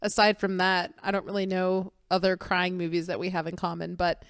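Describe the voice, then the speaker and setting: A woman's voice: lowish voice, flat delivery, brisk, clean tone, no echo, clean studio sound. A young woman co-hosting a film podcast in casual, chatty talk, giggling often and acting out her own reactions. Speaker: podcast co-host.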